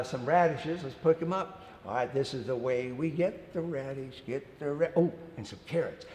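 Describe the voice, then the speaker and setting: A man telling a picture-book story to young children, acting it out playfully and giving the characters their own voices. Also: a little high. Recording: echoey room with long reverb.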